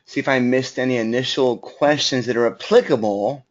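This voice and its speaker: A man's voice: mid-range voice, moderate pace. Chatty man hosting a live webinar. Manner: chatty, greets viewers, many fillers. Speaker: webinar host. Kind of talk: casual live webinar talk. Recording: slightly dull lo-fi audio.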